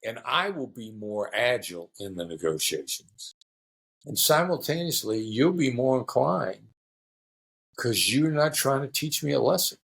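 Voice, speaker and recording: A middle-aged man, a former hostage negotiator, answering interview questions in a relaxed storytelling way and acting out quoted voices. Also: mid-range voice, a little slow, creaky, husky.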